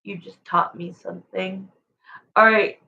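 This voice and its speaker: Tarot reader, woman, chatty and emotional, unhurried delivery, slightly muffled audio. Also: medium pitch, steady tone, gravelly, pushed and bright. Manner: rambling, chatty, emotional, searches for words. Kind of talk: live-stream tarot reading to viewers.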